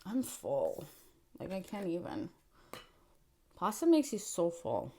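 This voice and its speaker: A young woman chats to her viewers at home, her voice sitting a little low. She rambles through a story in a casual, filler-heavy way and acts out the quotes as she goes. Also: huge pitch swings, slow pace, gravelly, mellow, a little hiss or hum. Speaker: mukbang vlogger.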